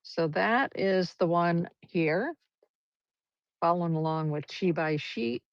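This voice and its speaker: This is a woman giving a live painting lesson, her low voice carrying a gravelly edge. She chats and encourages as she explains every stroke. The livestream audio sounds dull and lo-fi, dry with no room echo. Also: slow pace. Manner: chatty, encouraging, talks through each brushstroke. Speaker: art teacher.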